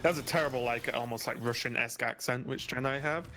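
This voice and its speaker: A man's voice: mid-range voice, quick pace, bright, forceful tone. Upbeat joking male co-caster. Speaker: esports caster. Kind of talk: live game commentary.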